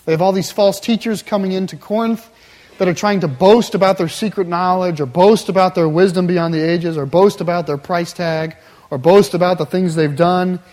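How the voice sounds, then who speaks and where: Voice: mid-range voice, darkish tone. Emphatic preacher, mid-range voice, builds with repetition; big reverberant hall. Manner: emphatic, builds with repeated phrases. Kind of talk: sermon.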